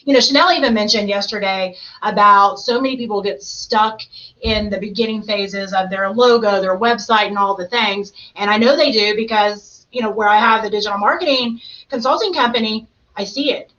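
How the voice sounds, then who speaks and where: A woman hosting a podcast in casual chat, talkative and animated, often slipping into playful quoted voices. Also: medium pitch, moderate pace, muffled recording. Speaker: podcast host.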